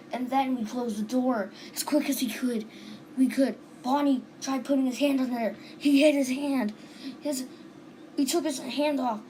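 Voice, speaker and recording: Woman, casual dream retelling, rambling, restarts a lot, slightly high voice, noisy background. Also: moderate pace, warm tone. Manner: rambling, lots of restarts and "and then". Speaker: storyteller.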